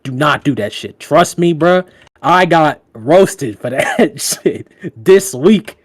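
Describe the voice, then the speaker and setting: A man's voice: takes it slowly, no room sound. Male podcast co-host, casual and slangy, swears freely, laughs a lot, dry studio sound. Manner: loose, slangy and profane, laughing often; animated, with big jumps in pitch when telling stories. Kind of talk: casual podcast chat giving dating advice.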